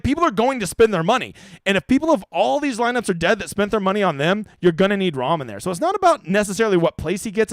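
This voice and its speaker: Lively, high-voiced man answering live chat. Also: no room sound, studio quality. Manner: reads chat questions and answers bluntly, with swearing. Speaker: fantasy golf streamer. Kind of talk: casual live-stream Q&A.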